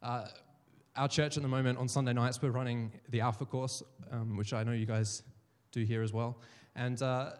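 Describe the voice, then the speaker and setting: A man's voice: mid-range voice, little pitch movement, moderate pace. Storytelling male pastor in reverberant hall. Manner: storytelling, acts out quoted voices. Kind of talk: sermon.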